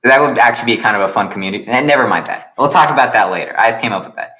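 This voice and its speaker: A man improvising comedic narration for his own animated series, rambling and making self-deprecating asides. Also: medium pitch, very fast, a little hiss or hum.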